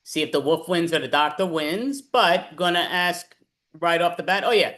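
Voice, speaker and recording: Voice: mid-range voice, moderate pace, a bit bright. A host running an improv comedy game over a video call, giving casual instructions. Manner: casual, instructing, loose fillers.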